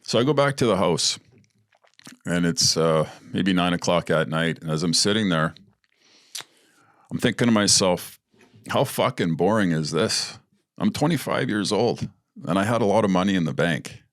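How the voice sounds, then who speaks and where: A man's voice: sits low, animated, moderate pace, dry recording, clean studio sound. A man hosting a podcast, telling personal stories in a casual, blunt, profane way and laughing as he goes. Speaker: podcast host. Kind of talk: casual storytelling.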